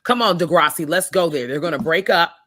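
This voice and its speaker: A woman co-hosting a casual podcast chat, animated and swearing freely with lots of laughter. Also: on the low side, brisk, no echo. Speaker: podcast co-host.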